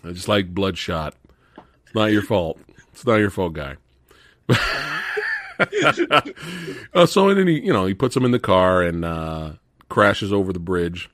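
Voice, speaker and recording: A man hosting a casual live movie review, animated, laughing often and swearing freely. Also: sits low, a little slow, long pauses, dry recording, studio quality. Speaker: host of a movie review show.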